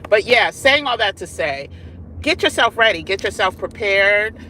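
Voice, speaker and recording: A woman's voice: mid-range voice, lively intonation, normal speed, pushed and bright, a little hiss or hum. A woman hosting a casual live stream from her car, sassy and chatty, talking straight to her viewers. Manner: sassy, chatty, calls viewers "y'all" and "child". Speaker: vlog host. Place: in a car while driving.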